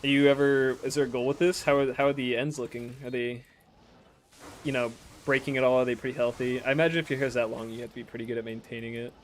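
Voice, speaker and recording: A young man from the States chats loosely while streaming, reading messages aloud and riffing on them. His voice sits at an ordinary middle pitch, and he laughs often and swears without a second thought. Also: flat delivery, quick pace, slight background noise. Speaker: game streamer. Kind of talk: casual chat while reading viewer messages.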